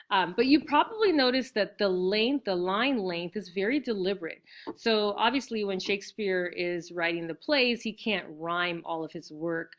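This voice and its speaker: A woman's voice: fairly low pitch, fairly bright tone. A woman teacher giving a recorded lesson, explaining step by step with fillers and frequent "right?" check-ins.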